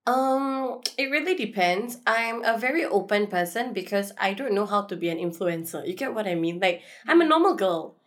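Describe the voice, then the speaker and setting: A woman's voice: medium pitch, animated, moderate pace, hardly any pauses. A young adult woman talking candidly as an influencer guest in a casual podcast chat, often laughing and acting out quoted people.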